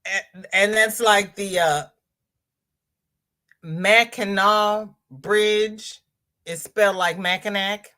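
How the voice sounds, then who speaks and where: A woman's voice: mid-range voice, fairly even intonation, measured pace, bright, forceful tone. A woman hosting a casual crochet livestream, chatting in a rambling way and reading viewer comments aloud. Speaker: crochet channel host reading live chat.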